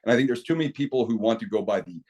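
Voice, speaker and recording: Guest, middle-aged man, low voice, animated storyteller who restarts sentences. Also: racing. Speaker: podcast guest, equipment company owner. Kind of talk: casual interview talk.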